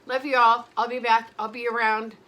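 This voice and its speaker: A woman's voice: a little high, flat delivery, moderate pace, pushed and bright. A middle-aged woman vlogging in casual chat, rambling and emotional, often breaking off mid-sentence. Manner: rambling, emotional, self-interrupting.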